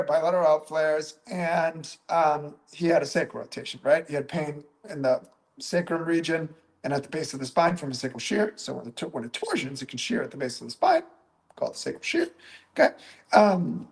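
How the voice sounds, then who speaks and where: This is a man teaching fellow clinicians through a patient case in an animated storytelling way. His voice sits high and ranges widely, and he keeps checking in with "right?" and "okay?". He replays his own past remarks as he goes. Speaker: physical therapist and clinic coach.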